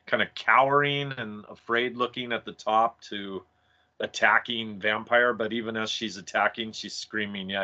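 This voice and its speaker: Male podcast co-host, enthusiastic, bright forceful timbre, muffled lo-fi recording. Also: fairly low pitch, steady tone, normal speed. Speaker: podcast co-host discussing comics. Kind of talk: casual chat. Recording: dull lo-fi mic.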